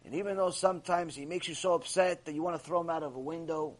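A man teaching a Torah class, telling stories in an animated way and acting out the people in them. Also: a little high. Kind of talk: Torah lecture with storytelling.

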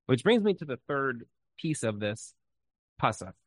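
A man leads an informal Torah class in a loose, conversational way, full of fillers and lively storytelling. His voice sits at an ordinary middle pitch. The sound is dry and close. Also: unhurried, slightly rough, dry recording, low-quality recording. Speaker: Torah teacher.

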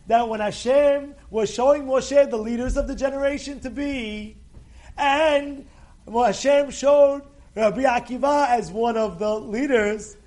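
A rabbi giving a story-filled Torah talk to listeners in a room, a lively storyteller who repeats words and acts out what people said. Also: male voice, extremely high pitch.

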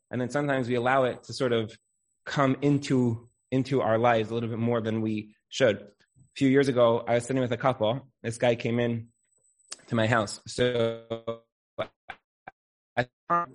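A man in his thirties, a counselor giving an inspirational talk, who tells stories and acts out the people in them, sprinkling in Hebrew religious terms. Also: medium pitch. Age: 30s. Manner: animated storyteller who acts out quoted voices. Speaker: marriage counselor and Torah speaker.

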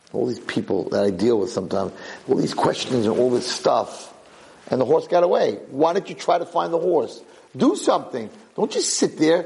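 A man's voice: mid-range voice, fairly quick, vocal fry. A middle-aged man teaching a Torah lesson as a rabbi, telling stories and acting out the characters. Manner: animated storyteller who acts out characters.

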